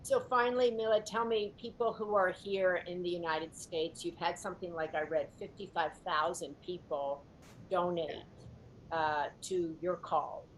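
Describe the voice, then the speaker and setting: A woman interviewer who asks measured, probing questions in a conversational interview. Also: lowish voice, steady tone, slight background noise, poor audio.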